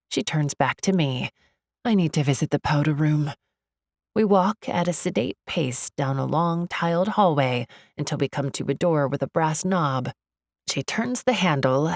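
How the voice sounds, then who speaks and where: A woman narrating a first-person romance audiobook in a measured, wry manner. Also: sits low, gravelly, dry recording, clean studio sound.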